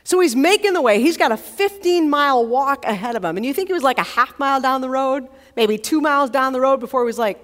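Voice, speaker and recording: A woman college chaplain delivers a sermon as chatty, vivid storytelling, speaking fast with lively intonation and few pauses. Her voice sits a little high, and long reverb lingers after her words as though in a large chapel.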